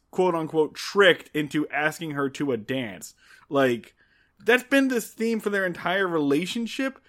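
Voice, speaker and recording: Wry man with a high voice. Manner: wry, animated storyteller, blunt. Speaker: podcast co-host. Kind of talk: casual recap chat.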